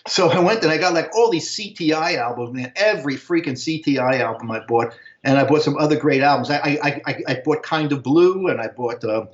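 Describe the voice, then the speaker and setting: A man's voice: fairly high pitch, brisk. Rambling older man, echoey lo-fi audio. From United States. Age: 60s. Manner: rambling, slangy, keeps saying "man". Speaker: interview guest. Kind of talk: casual storytelling.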